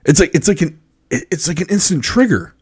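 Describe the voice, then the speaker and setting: A man's voice: a little high, a little fast, husky. An American man co-hosting a podcast, chatting casually and acting out other people's reactions as he tells stories. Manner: animated storyteller, acts out others' reactions. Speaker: podcast co-host. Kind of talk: casual chat.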